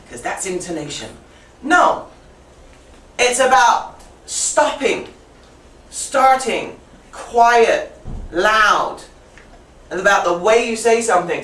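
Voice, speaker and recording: A woman teaching an English writing class, playful and quick to laugh, often teasing herself. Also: a little high, very animated, a bit bright. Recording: echoey classroom, distant mic, faint hiss.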